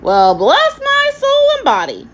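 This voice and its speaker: A woman reading a storybook aloud, voicing a sarcastic old male sea parrot with a hoarse, squawking voice that repeats its phrases. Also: extremely high pitch, huge pitch swings, measured pace, slight background noise, pitched above the performer's own voice, exaggerated voice.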